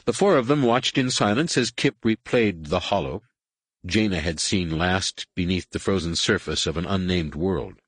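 A man reading an audiobook in a very deep, husky voice that rises and falls expressively through the story. The recording is close and dry, with no room sound. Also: normal speed, no echo. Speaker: audiobook narrator. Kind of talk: scripted narration.

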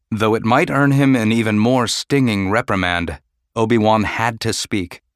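A man narrating an audiobook in a measured, even storytelling manner. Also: lowish voice, clear, resonant tone, no room sound, clean studio sound.

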